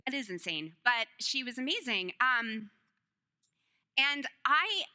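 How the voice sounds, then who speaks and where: A woman's voice: a little high, very animated, slow pace, bright, forceful tone. A woman giving a sermon, telling personal stories in a joking, self-deprecating way and laughing often. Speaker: speaker at a church service.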